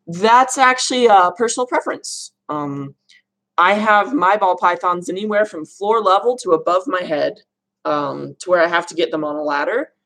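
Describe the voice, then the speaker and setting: A reptile keeper with a fairly bright, lowish voice talks at a moderate pace on a casual livestream. She answers viewers' questions about reptiles from the live chat and laughs at her own mispronunciations.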